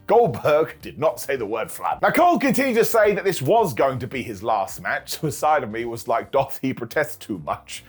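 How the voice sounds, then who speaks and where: A man casually recapping a wrestling show as reviewer, animated and jokey, laughing often. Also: medium pitch, slightly rough. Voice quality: bald-joke running gimmick host.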